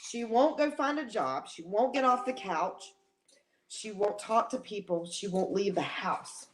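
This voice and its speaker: Woman co-host, mid pitch, emotional and rambling, casual live chat, faint noise. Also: lively intonation, unhurried.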